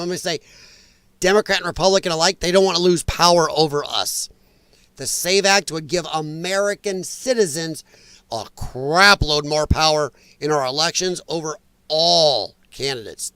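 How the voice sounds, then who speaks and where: A man's voice: a little high, fairly bright tone, clean tone, dry recording. Guy hosting a political livestream, ranting away, voice jumps all over, dry close sound. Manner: opinionated, ranting, reacts to viewer chat. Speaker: host.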